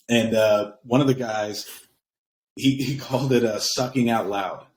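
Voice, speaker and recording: A man's voice: medium pitch, steady tone, brisk, low-quality recording. A man speaking as a guest on a casual interview, reflective and self-deprecating, laughing at himself. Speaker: guest, comedian and actor.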